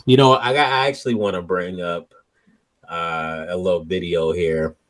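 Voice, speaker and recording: A man's voice: low voice, steady tone, normal speed, a bit bright. A man hosting a movie review show in casual chat, laughing often, swearing freely and searching for words.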